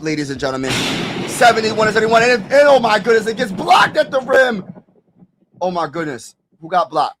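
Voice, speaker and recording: A man with a high voice calls a basketball game play by play on a live stream. He talks loose and slangy, urging his viewers along and breaking into excited shouts when a big play lands. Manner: casual slangy talk. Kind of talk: live play-by-play commentary with reactions.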